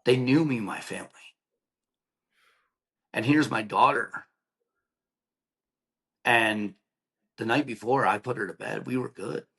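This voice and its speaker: A man in his thirties, a podcast guest, telling a painful personal story in a halting, emotional way with many restarts. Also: mid-range voice, fairly bright tone, low-quality recording.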